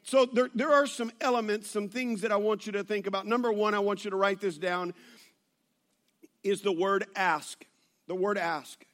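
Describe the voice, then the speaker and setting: A male pastor, preaching a sermon to his church and telling stories in an animated way, with many restarts. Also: high-pitched, moderate pace. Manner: animated storytelling with laughs and restarts.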